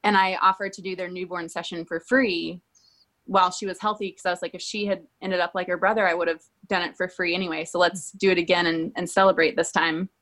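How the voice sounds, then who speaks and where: A woman's voice: lowish voice, little pitch movement, fairly quick, fairly bright tone. A woman guest candidly telling a personal story in an interview, talking conversationally. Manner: candid, conversational, many "like" fillers.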